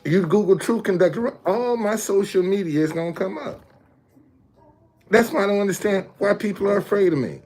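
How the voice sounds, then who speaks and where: A man's voice: sits high, moderate pace, a little mellow. A man talking casually to his viewers, explaining things step by step with emphasis and often checking that they follow. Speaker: street messenger and video host.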